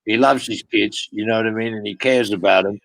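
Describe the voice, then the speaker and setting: A man's voice: lowish voice, fairly even intonation, brisk, a bit bright, no room sound, rough recording. An older man telling long rambling road stories in a casual interview, swearing freely and padding with "you know what I mean". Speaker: guest storyteller.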